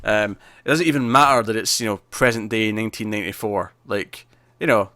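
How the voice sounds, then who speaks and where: A man's voice: lowish voice, steady tone, a little fast, bright, forceful tone, dry recording. A man co-hosting a movie discussion podcast, talking casually and rambling with lots of fillers and restarts. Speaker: co-host of a movie discussion show. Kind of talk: casual chat.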